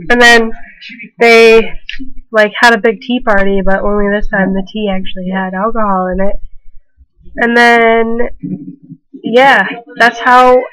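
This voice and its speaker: A woman's voice: medium pitch, fairly even intonation, measured pace, a bit bright, no echo, rough recording. Rambling young woman telling tipsy history. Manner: rambling, filler-heavy, casual slang. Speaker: comedic narrator. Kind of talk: rambling tipsy comedic retelling.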